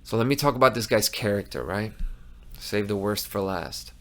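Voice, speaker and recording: A man with a fairly low voice speaks at a moderate pace as he hosts a commentary show. His monologue is heated and emphatic, full of frequent restarts.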